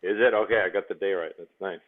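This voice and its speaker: A man's voice: sits low, steady tone, quick pace. A man, co-hosting a casual video call in a laid-back way and cracking corny jokes. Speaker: co-host and scorekeeper. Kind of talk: casual joking chat. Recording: tinny phone-like line with faint noise.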